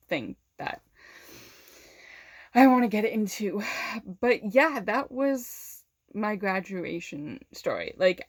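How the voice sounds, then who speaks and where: A young woman tells a personal story to the camera in a casual, animated way, sprinkling in swear words and frequent "like"s. Her voice sits in a middle pitch, and the recording is close and dry, with no room sound. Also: no echo. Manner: animated, swears often, laughs between lines; many fillers of "like". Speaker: vlogger.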